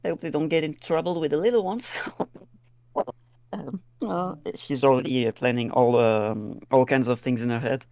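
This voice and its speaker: A woman playing a tabletop game, describing her character in an excitable, hesitant way. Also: a bass voice, moderate pace, no echo. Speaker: player.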